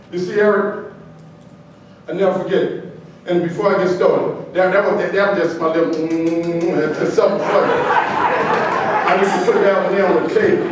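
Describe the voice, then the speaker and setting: A man with a fairly high voice gives a motivational speech, spinning humorous stories in a rolling cadence that builds and repeats. He is heard from a distance in a very echoey hall, with a faint hiss underneath. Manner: animated, preacher-like repetition and building cadence. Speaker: motivational speaker. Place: large hall at a podium.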